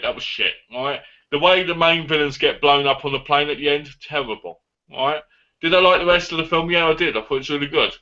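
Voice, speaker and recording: A man, a guest on a live online chat, rambling excitedly about movies. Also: fairly high pitch, muffled recording.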